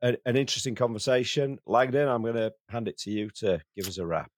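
A man's voice: medium pitch, quick pace, no echo, studio quality. A man, a podcast co-host who chats casually, jokes, and agrees often. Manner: frequent short agreements, jokey.

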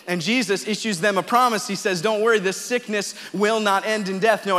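In a high, bright and forceful voice, a male pastor gives a sermon that feels like a conversation. He keeps adding tag questions like "right?" and rises into impassioned quoted pleas, and the recording carries a long hall reverb.

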